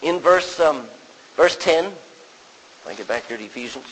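A man's voice: fairly high pitch, expressive, measured pace, a bit bright, a little hiss or hum. A man preaching a sermon in a conversational way, quoting scripture and putting questions to the congregation. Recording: long reverb of a large hall.

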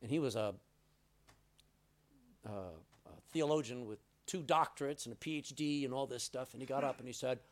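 A man's voice: mid-range voice, moderate pace. A middle-aged man preaching a sermon, telling stories and acting out quoted lines with changes of voice. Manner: storytelling, acts out quotes with voice changes. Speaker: pastor.

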